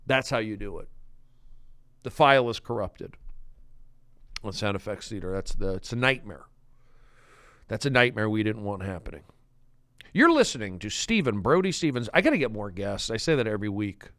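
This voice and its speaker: A man hosting a comedic podcast monologue, erratic and animated, swinging from loud bits to mumbled asides. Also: on the low side, normal speed, pauses often, dry recording, studio quality. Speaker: host.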